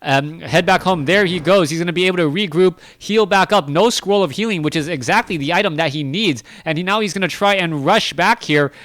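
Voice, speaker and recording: A man's voice: high-pitched, a little fast, few pauses, no echo. A man doing solo play-by-play commentary on a strategy game, chatty and correcting himself as he goes. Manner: chatty, self-correcting, rising excitement in big moments. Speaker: esports caster.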